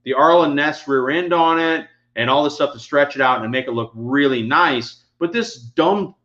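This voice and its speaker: A man's voice: fairly high pitch, moderate pace, fairly bright tone. A middle-aged man co-hosting a casual chat, rambling through stories while drinking. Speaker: co-host. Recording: dull lo-fi sound.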